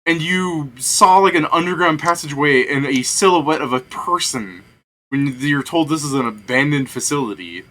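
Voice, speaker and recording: A man's voice: a little high, normal speed, pushed and bright. A young man, the game master, telling a long rambling story in casual chat, swearing often and laughing.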